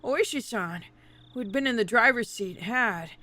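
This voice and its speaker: A woman streamer reading a visual novel aloud and chatting with viewers. She swears freely, laughs a lot, and rants excitedly. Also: a little high, moderate pace. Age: adult.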